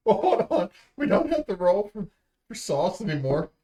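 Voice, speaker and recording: A man's voice: sits high, big pitch swings, moderate pace. A young man on a casual stream, bluntly grumbling about what he tastes. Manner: blunt, grumbling, loud complaints. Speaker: streamer co-host.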